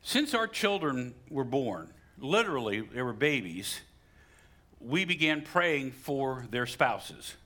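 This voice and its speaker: A middle-aged male pastor preaching a sermon, animated, with sudden rises for emphasis and asides to the congregation. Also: mid-range voice, slow pace.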